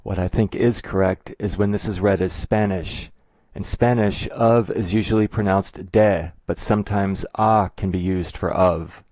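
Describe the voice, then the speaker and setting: A man narrating a scripted explanatory video in a measured, methodical way. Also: low-pitched, steady tone, a little mellow, no echo. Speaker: video essayist.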